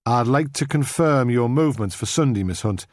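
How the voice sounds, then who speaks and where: A methodical police inspector who keeps his questions formal and businesslike, as a male narrator plays him. The voice is measured and mid-pitched, recorded dry and close for an audiobook. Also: expressive, a little mellow, no room sound, close to an everyday voice. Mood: probing.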